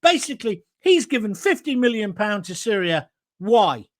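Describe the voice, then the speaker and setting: A man's voice: sits high, big pitch swings, moderate pace. A man hosting his own show, delivering a combative, sarcastic political rant. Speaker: host.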